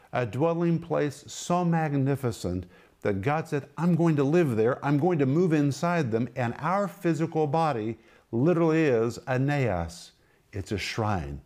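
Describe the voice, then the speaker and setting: Middle-aged guy teaching scripture, mid pitch, punchy and emphatic, keeps repeating his questions. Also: a little mellow. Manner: emphatic, repeats questions for effect, explains Greek words. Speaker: Bible teacher and ministry host. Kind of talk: televised Bible teaching.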